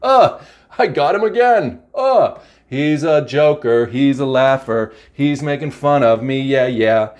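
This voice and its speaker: A man's voice: medium pitch, lively intonation, measured pace, darkish tone, natural voice. A man putting on a gloating, mocking devil. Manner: taunting, gloating, chuckling. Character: mocking laughing male devil, boastful bluffer.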